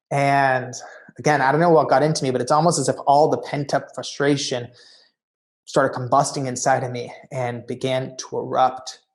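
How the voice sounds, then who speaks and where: Man telling an animated story. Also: mid-range voice. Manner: animated storyteller, often says "you know". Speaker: conference keynote speaker. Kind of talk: storytelling talk.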